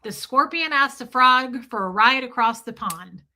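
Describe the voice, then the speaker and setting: A woman with a bright, forceful voice chats live with her viewers, candid and emphatic. She swears freely and speaks to people in the chat by name. Her voice sits a little above the middle in pitch. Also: expressive, a little slow. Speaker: streamer talking to chat. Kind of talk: casual live-stream chat.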